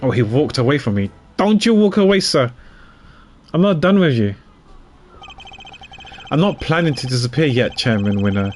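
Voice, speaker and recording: A man's voice: mid-range voice, big pitch swings, normal speed, long pauses, faint music behind, natural voice. A man voicing a stern male prosecutor who stands firm against an accusing chairman in a game. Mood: defiant.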